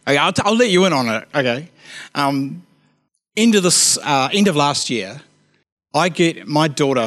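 Chatty, joking preacher, mid-pitched man. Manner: chatty, self-mocking, playful asides. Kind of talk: sermon with personal stories.

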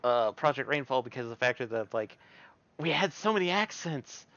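A man with a slight Southern drawl, co-hosting a casual podcast chat in an unhurried, hesitant way. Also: mid-range voice, animated, fairly bright tone, no room sound. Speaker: podcast co-host. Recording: dull, dry, lo-fi mic.

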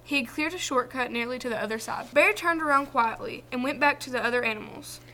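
A woman reads a children's folktale aloud in a clear, expressive storyteller's voice. Her pitch is high and her tone bright. A faint noise sits under the recording. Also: fast. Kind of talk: reading a children's book aloud.

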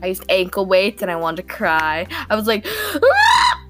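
A woman's voice: mid-range voice, wildly swooping pitch, moderate pace, fairly bright tone, soft background music. A teenage girl hosting a podcast, talking through her day in a rambling, self-deprecating way with frequent nervous giggles. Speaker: podcast host. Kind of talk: casual diary-style monologue.

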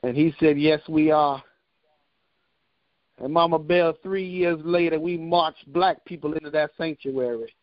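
A man preaching a sermon, telling a personal story with a measured, repetitive cadence. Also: on the high side, steady tone, dry recording, muffled recording.

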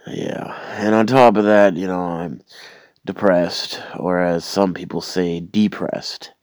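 Sick man with a very low voice, sardonic rambling rant, trips over his words. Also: steady tone, a little slow, darkish tone, smooth, no echo. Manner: rambling, repeats and restarts words, sardonic complaining. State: sick with a cold or flu. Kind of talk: casual rambling rant to camera.

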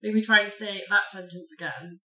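A woman's voice: mid-range voice, normal speed, sharp tone, roomy sound. A woman co-hosting a podcast in playful casual chat. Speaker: podcast co-host.

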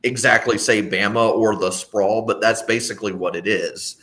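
A man's voice: fairly low pitch, steady tone, moderate pace, a bit bright. A man co-hosting a podcast, talking casually in long rambling stretches with frequent restarts and sardonic asides. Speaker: podcast co-host. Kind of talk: casual discussion.

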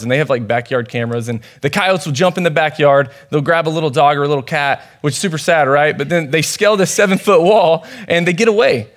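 Young male youth pastor, casual chatty sermon, slightly high voice, storytelling with fillers. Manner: conversational, storytelling, many fillers. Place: church.

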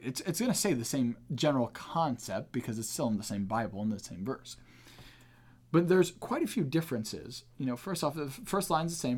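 An earnest man hosts a podcast and teaches in a casual way. His voice is mid-pitched, and he leans hard on key words as he explains. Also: animated, brisk. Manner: earnest, emphatic, with restarts. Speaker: podcast host teaching the Bible.

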